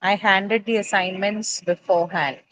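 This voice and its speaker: A woman's voice: medium pitch, steady tone, moderate pace, fairly bright tone, no echo, rough recording. A woman teaching an English class, explaining patiently with frequent fillers and check-in questions. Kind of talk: online class lecture.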